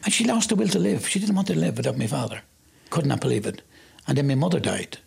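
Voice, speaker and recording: An Irish man recounts his past in an interview. His voice is deeply gravelly and thick with rasp, at a middling pitch, and he livens up when he acts out his own words. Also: quick pace. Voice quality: gravelly and husky. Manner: storytelling, animated when quoting himself. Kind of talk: personal testimony.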